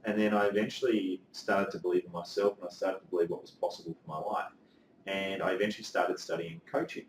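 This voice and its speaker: A man, telling his story as a life coach in a casual interview, earnest and animated, with casual swearing. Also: deep voice, fast, slight background noise. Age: 30s. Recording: echoey room, mic at a distance.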